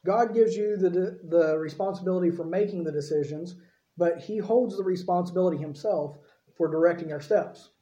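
A male pastor delivers his sermon at a normal speed in a fairly high, mellow voice, relaxed and conversational, often checking in with his audience. A roomy echo suggests a church sanctuary, and the recording is dull and lo-fi.

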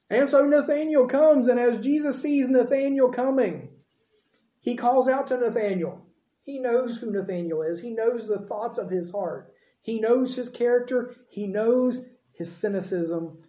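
A male preacher delivers a conversational sermon and often asks his listeners questions. His voice is mellow and soft. The sound rings in a roomy space. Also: very high-pitched, unhurried. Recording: roomy echo.

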